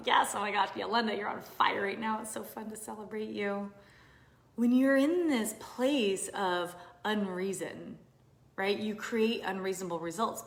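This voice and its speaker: Woman business coach on a live stream, animated, swings from whispers to loud exclamations, roomy echo. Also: medium pitch, vocal fry. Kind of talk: casual live stream talk to viewers.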